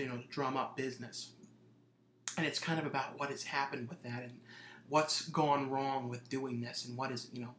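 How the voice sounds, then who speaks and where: A man's voice: mid-range voice, bright, forceful tone, slight background noise. A man casually talking through his latest movie collection on his vlog, rambling with lots of fillers and restarts. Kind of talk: casual review monologue. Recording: roomy echo.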